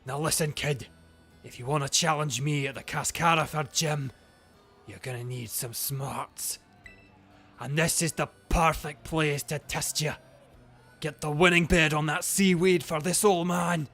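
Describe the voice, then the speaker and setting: A man voicing a boisterous old male gym leader with a put-on Scottish accent, loud and folksy. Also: a little high, fairly even intonation, a little slow, faint music behind. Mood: gruff.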